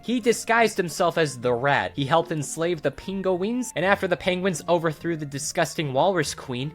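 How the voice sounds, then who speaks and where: A man's voice: fairly high pitch, fairly bright tone. A young man recapping a video game's story for an online video, with sarcastic asides and plenty of fillers. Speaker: YouTube game story narrator. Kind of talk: comedic game story recap.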